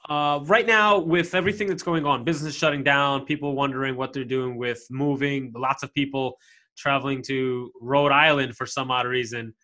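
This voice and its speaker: A man's voice: mid-range voice, steady tone, moderate pace, sharp tone. A man hosting a podcast, chatty and upbeat, with frequent fillers and restarts. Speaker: podcast host. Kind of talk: casual podcast interview.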